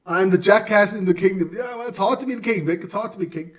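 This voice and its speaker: A man's voice: high voice, brisk, far from the mic. A man hosting a live stream alone, chatting casually and stumbling over hard player names.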